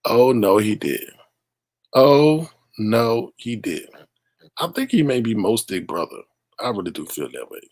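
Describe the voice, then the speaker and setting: Lively middle-aged man reading news. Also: fairly low pitch, unhurried, no room sound, studio quality. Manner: animated, exclaiming and laughing at the story; reads news aloud and talks to the chat. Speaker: live-stream host. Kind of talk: live-stream news commentary.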